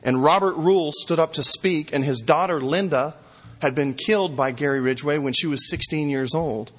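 A man's voice: fairly high pitch, moderate pace, fairly bright tone, husky. A man preaching a sermon as pastor, earnest and repeating phrases for emphasis. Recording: long hall reverb.

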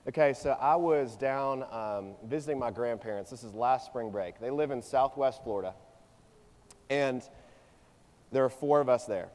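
A man in his twenties delivers a sermon in a conversational, energetic manner, sliding easily from storytelling into teaching. His voice is mellow and warm with a mid-range pitch. The sound rings with the long reverb of a large church hall. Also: normal speed. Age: 20s. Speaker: preacher.

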